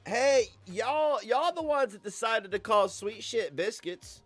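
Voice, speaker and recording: A man's voice: high-pitched, slow, no room sound, faint music behind. An American young man streaming from his computer, chatting in a rambling, crude, sarcastic way. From United States. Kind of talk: casual stream chat. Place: home computer setup.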